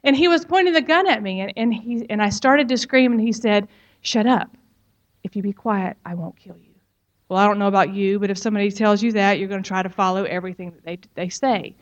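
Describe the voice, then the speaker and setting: A woman's voice: medium pitch, fast, hardly any pauses. Frank woman telling her testimony, muffled sound. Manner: frank, conversational storytelling with emphatic asides to the listener. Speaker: speaker giving a personal testimony. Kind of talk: personal testimony talk.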